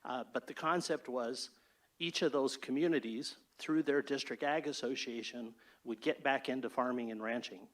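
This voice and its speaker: Exec guy presenting to a state board, formal and brisk, orderly like a prepared speech, mid pitch. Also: a bit bright. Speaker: state fair chief executive. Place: state board meeting room.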